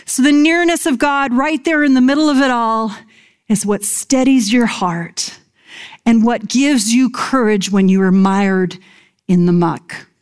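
A middle-aged woman preaches in a slow, deliberate sermon. Her voice sits a touch high and she lingers over each phrase. On key lines she drops to a hushed whisper. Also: smooth.

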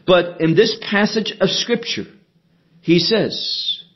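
A man teaching a sermon verse by verse, measured and emphatic, asking questions and answering them himself. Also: sits high, dull audio. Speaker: preacher.

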